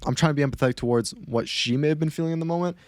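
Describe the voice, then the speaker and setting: On a podcast, a man with a voice on the high side tells a story quickly and animatedly in casual conversation, packed with fillers and restarts. The audio is studio quality with no room sound.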